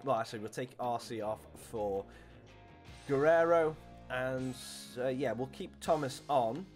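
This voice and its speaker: Streamer guy narrating his football game, excitable and jokey, talks to the ref. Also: mid-range voice, measured pace, soft background music. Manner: jokey, excitable play-by-play, talks to players and referee. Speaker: gaming streamer. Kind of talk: live commentary over a football video game.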